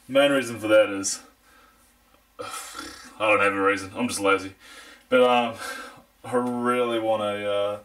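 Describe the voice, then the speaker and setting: Laid-back New Zealand man, low voice. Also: fairly bright tone. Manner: laid-back, jokey, rambling with fillers. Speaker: tech reviewer. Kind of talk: casual hands-on product review.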